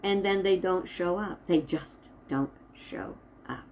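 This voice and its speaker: A woman minister giving an inspirational talk to camera, slow and deliberate, with emphatic pauses. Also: on the low side, darkish tone, slight background noise, rough recording.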